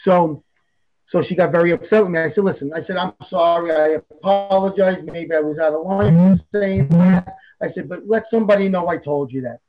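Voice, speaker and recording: A man, a psychic medium guest telling a story in a blunt, animated way. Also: sits high, a little fast, lo-fi sound. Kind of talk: casual storytelling interview.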